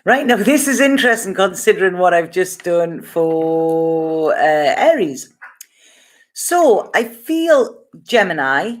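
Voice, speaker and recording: A woman's voice: on the low side, very animated, takes it slowly. A woman with a Geordie accent from Gateshead, giving a casual, chatty tarot reading and reassuring listeners with frequent okays. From Gateshead, North East England. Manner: chatty, reassuring, says okay often. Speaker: tarot reader.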